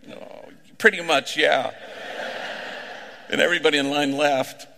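A middle-aged man, a priest, preaching a sermon through unhurried, conversational stories, slipping in Spanish slang. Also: fairly high pitch, fairly even intonation, gravelly, pushed and bright. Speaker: priest working with gang members. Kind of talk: sermon with storytelling. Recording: echoey hall with long reverb.

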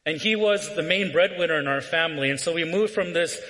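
In a hall with long, trailing reverb, a Southern Californian man delivers a sermon built around a personal story, dropping frequent "right?" asides to check in with listeners. He speaks briskly, his voice on the high side and fairly bright.

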